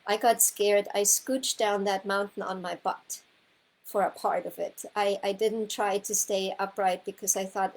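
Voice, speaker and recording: A woman's voice: medium pitch, fairly even intonation, measured pace, poor audio. A woman horsemanship coach telling a personal story to her students in a rambling, heartfelt way, full of restarts and repeated words. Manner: rambling, heartfelt, with self-corrections; gets emotional, close to tears.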